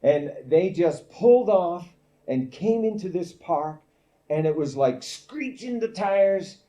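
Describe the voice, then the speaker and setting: A man's voice: fairly high pitch, warm tone. A man preaching at a camp meeting, telling a family story in an anecdotal way, full of fillers and restarts. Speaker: guest preacher. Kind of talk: storytelling sermon. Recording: dull lo-fi recording.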